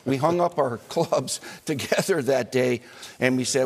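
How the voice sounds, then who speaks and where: A man telling a story on a studio panel, doing lively impressions of a friend along the way. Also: mid-range voice, a little slow, breathy edge. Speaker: guest.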